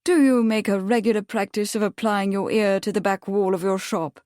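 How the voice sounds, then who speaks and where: A woman's voice: medium pitch, steady tone, normal speed, darkish tone, no room sound, clean studio sound, natural voice. A woman voicing a polite, probing male barrister questioning a witness in an audiobook. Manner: courteous, mild, precise questioning.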